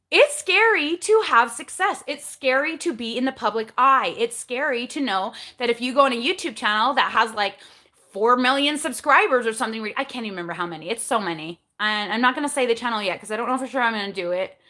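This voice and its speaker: Bright, chatty woman in her forties. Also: fairly high pitch, expressive, fairly quick. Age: 40s. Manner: chatty and candid, asking herself questions and answering them; coaching tone, giving step-by-step advice. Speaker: keto vlogger hosting a live chat. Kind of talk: casual live-stream talk.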